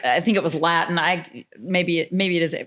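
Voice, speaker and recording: Low-voiced woman chatting as a guest. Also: moderate pace, a bit bright. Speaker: jewelry store owner, guest. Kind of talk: casual chat.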